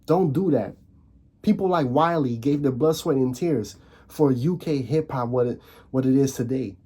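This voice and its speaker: A young man hosting his own channel, ranting casually to camera in a fired-up way, stumbling and repeating words, his voice leaping higher on emphatic points. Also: moderate pace, warm tone, husky. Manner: frequent restarts and repeated words. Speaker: video host.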